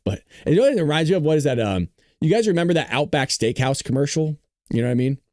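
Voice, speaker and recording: A man hosting a live-stream political commentary show, chatty and reacting to his chat, hoarse from losing his voice. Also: fairly high pitch, big pitch swings, rapid-fire, a little mellow, no echo, clean studio sound.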